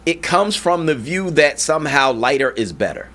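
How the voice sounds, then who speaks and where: A man hosting a talk show, chatting in an animated way and often checking in with "you know what I'm saying". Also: a little high, moderate pace. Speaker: podcast host. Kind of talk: casual chat.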